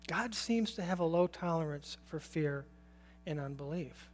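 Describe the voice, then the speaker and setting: Speaking at a measured pace, a man with a slightly high voice delivers a sermon, with a little hiss or hum audible. He keeps it casual, quizzing his listeners and laughing softly now and then.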